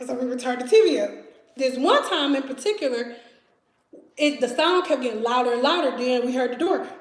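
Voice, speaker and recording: Chatty high-voiced woman from Detroit. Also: normal speed, pauses often, echoey room. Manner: chatty, animated, laughs often, acts out voices. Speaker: vlogger. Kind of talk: casual storytime chat. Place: home kitchen.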